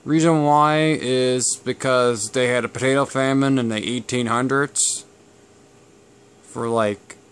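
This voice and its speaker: A man's voice: mid-range voice, steady tone, slow pace, a bit bright, smooth. A man, from Canada, talking casually to camera about family history in a rambling, digressive way. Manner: rambling and digressive, with many fillers. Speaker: channel host.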